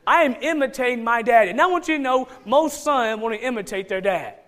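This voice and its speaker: Southern georgia preacher guy, really high voice, hammers points home by repeating them. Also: fairly quick, a bit bright. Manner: emphatic, repeats key phrases for stress. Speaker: pastor. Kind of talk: sermon.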